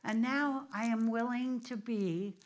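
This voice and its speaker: A woman's voice: a little high, unhurried, slight background noise. Woman minister in a storytelling chat. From United States. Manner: conversational, storytelling, with restarts and asides. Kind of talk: informal teaching discussion. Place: church meeting room.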